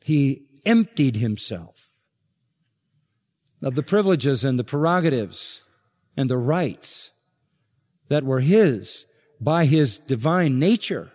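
A man preaching an expository sermon as pastor, emphatic and building to forceful points. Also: mid-range voice, animated, takes it slowly, pauses often. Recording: long reverb of a large hall.

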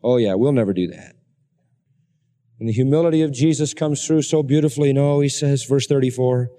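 A man delivers a sermon with emphatic force, climbing to high, intense peaks. His voice is mellow and sits a little high. The sound rings with the long reverb of a large church hall. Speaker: pastor.

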